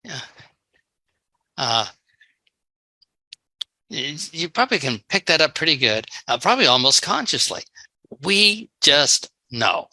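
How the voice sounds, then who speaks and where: A man's voice: a little high, sing-song, slow pace, pauses often, bright, forceful tone, no room sound, low-quality recording. A man giving a folksy sales training talk on a video call, telling stories and acting out quotes. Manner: folksy, storytelling with acted-out quotes. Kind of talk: live online training talk. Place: online meeting.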